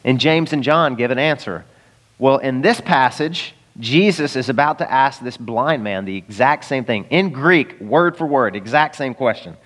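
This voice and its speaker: A pastor preaches a sermon conversationally, acting out the voices of the people he quotes. His medium-pitched voice has lively intonation, normal speed and a fairly bright tone, and he's heard in a large hall.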